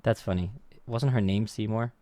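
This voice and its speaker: A man's voice: on the low side, moderate pace. Chatty man reacting to music. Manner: chatty, hums instrument sounds, self-correcting. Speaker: reaction channel host. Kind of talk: casual music reaction and analysis.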